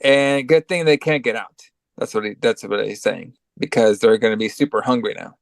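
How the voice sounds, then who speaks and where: A man's voice: fairly low pitch, normal speed, creaky, no echo. A man with a cold co-hosting a podcast, giving a loose, profane, filler-heavy recap of a movie. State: has a cold. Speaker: podcast co-host.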